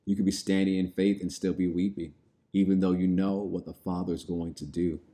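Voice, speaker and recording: A man's voice: low-pitched, level tone, brisk, dark tone. A man preaching a sermon, reading scripture aloud and then explaining it in plain, everyday words.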